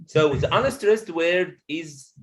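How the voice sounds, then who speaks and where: A man's voice: fairly high pitch, low-quality recording. Man teaching pronunciation on a video call. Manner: repeats words and phrases slowly for students. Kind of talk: online class teaching.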